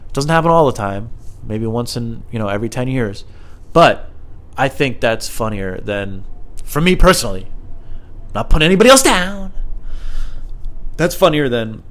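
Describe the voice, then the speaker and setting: A man talks alone into a small lapel mic in his living room, drifting from thought to thought. His delivery is loose and self-deprecating, peppered with fillers, at an ordinary pitch for a man. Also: expressive, fairly quick. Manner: rambling, self-deprecating, heavy use of filler words. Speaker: podcast host. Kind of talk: rambling solo podcast monologue.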